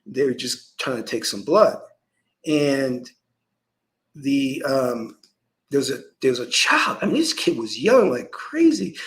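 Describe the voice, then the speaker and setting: A man's voice: medium pitch, big pitch swings, slow pace, a bit bright, low-quality recording. A man who is a Kemetic priest, giving an emphatic, preachy spiritual lecture full of restarts.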